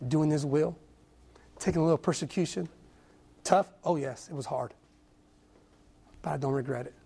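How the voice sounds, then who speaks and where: Young male preacher, husky, earnest testimony with stammered restarts. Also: on the high side, moderate pace, warm tone. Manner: earnest, repeats words often, stammering restarts. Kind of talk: sermon testimony.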